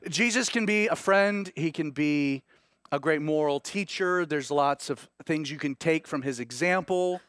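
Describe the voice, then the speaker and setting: A male pastor with a Southern US accent preaching a sermon, moving between hushed, slow stresses and rising, urgent passages. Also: a little high, clean tone, no echo, studio quality.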